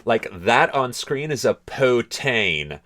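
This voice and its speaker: Canadian man, reaction-video host, emphatic explainer, middle pitch. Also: very animated, pushed and bright. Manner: explains points slowly and emphatically. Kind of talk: casual commentary over a video.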